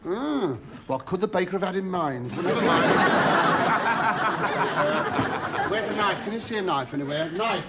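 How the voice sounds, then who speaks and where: A middle-aged English comedian with a high, wildly swooping voice, spinning a camp, gossipy monologue. He stumbles into restarts and lands on drawn-out "oh, yes". A loud live studio audience laughs all around him over heavy noise. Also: expressive, a loud crowd.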